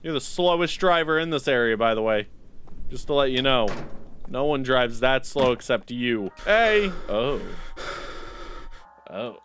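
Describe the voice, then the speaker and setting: A man's voice: mid-range voice, unhurried, long pauses, a bit bright, slight background noise. A young man giving joking, sarcastic commentary while playing a video game and bantering with its characters. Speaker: gaming YouTuber. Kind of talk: let's play commentary. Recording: game music behind the voice. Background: game music.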